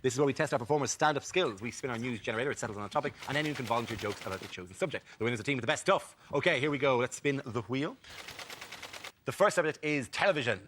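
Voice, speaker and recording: A man hosting a comedy panel show, giving brisk, upbeat links between rounds. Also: medium pitch. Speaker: host. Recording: noisy studio with loud audience.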